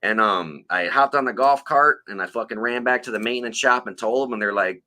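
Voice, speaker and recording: A man's voice: medium pitch, brisk, hardly any pauses, sharp tone. A man co-hosting a podcast, telling rambling, profane stories in casual chat. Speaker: podcast co-host.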